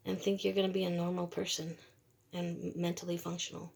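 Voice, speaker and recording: A woman gives a casual tarot reading in a loose, rambling monologue. She talks bluntly and in slang, with laughs between her thoughts. Her voice sits a little low and has a gravelly, creaky edge. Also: monotone, fairly quick, darkish tone. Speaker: tarot reader.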